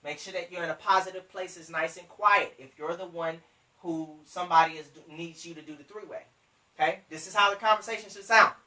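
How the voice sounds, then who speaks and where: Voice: medium pitch, fairly even intonation, a little fast, bright, forceful tone, roomy sound, distant mic, low-quality recording. A business trainer giving motivational sales coaching. They talk emphatically, repeat their points, and speak straight to the listeners.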